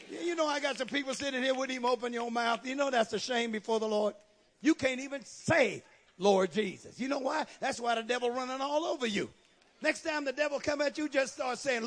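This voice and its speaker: A man preaches with call-and-response fervor. His voice sits very high for a man, and he swings from quiet asides to shouted declarations. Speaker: pastor. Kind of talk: sermon.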